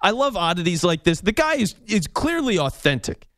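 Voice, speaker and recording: A man's voice: high-pitched, sing-song, normal speed, fairly bright tone, no room sound. A man hosting a sports talk radio show from a studio, playful and upbeat, joking with his co-host.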